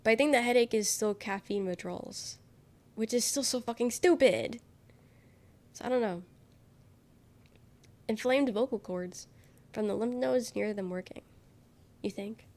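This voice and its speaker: A woman's voice: fairly high pitch, a little slow, pauses often, a little mellow. A young woman with a nasal, under-the-weather voice, rambling through casual chat with her live viewers, giggling and swearing freely. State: sick, congested. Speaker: live streamer.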